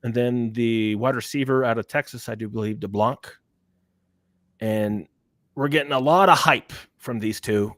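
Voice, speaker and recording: A man co-hosting a casual sports podcast, talking in an opinionated, emphatic way. His voice sits at a middle pitch. The recording is dry and close, with no room sound. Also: normal speed, fairly bright tone, no room sound. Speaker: podcast co-host.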